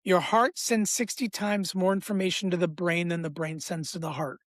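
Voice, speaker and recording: A man who works as a breathwork coach, explaining in a podcast interview with an emphatic, repetitive teaching cadence and an animated delivery. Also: high-pitched, normal speed, no room sound. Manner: animated, acts out inner voices.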